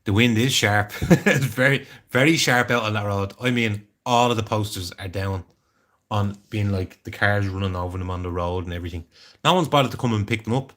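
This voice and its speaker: A man's voice: fairly low pitch, fairly bright tone. An Irish man chatting casually on a live stream, rambling and greeting viewers by name. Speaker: livestreamer.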